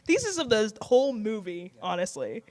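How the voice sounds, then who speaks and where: A giggly man chats casually as a guest, his voice sitting high. His intonation leaps around with animation as he gleefully quotes lines. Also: big pitch swings, moderate pace. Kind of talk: casual chat.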